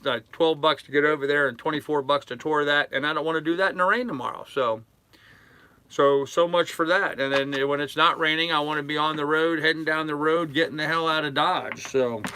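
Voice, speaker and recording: An older man live-streaming from his sailboat in a harbor, chatting casually with his chat in a relaxed, rambling way full of fillers. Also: a little high, clean tone. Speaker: sailing vlogger reading live chat.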